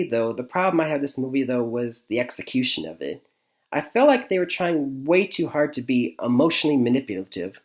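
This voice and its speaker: A man's voice: mid-range voice, darkish tone. A man from Michigan reviewing movies in a casual vlog, rambling, with lots of fillers and chuckles. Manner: rambling, many fillers and restarts, frequent chuckles.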